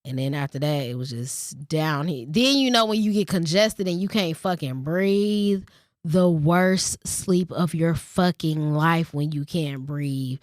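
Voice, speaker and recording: After reading a short passage aloud, this woman vlogger tells a profane, blunt story punctuated by ranting asides. Her deep voice moves a little slowly, recorded dry with clean studio sound.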